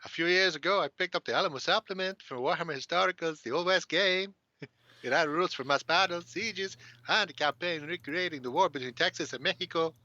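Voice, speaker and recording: A man's voice: fairly high pitch, fairly quick, pushed and bright, no room sound, highs cut off, voice pushed up. A man reading out a text in a jokey, hammed-up mock Mexican accent. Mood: mock-grand. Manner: hammy, jokey read-out.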